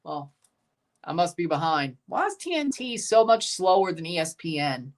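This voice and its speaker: A woman hosting a live hockey watchalong, giving relaxed play-by-play, answering chat questions and erupting into shouts on goals. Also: lowish voice, moderate pace. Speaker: livestream host.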